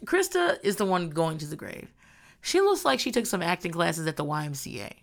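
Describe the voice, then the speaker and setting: Blunt, creaky-voiced woman recapping TV. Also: fairly low pitch, very animated, a little fast. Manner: blunt, profane and rambling. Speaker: podcast host recapping a reality show. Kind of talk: casual chat.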